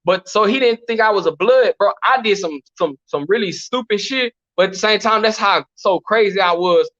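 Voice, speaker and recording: Texan man, slangy and animated, high bright voice, dull lo-fi recording. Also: moderate pace. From Texas, USA. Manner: animated, slangy, repeats "you know what I'm saying". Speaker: guest telling prison stories. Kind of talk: casual storytelling interview.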